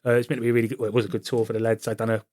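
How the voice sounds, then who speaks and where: Fast-talking army veteran. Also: male voice, medium pitch, level tone, a little mellow, no room sound, clean studio sound. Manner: quick, chatty, laughs at his own stories. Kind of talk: casual podcast chat, storytelling.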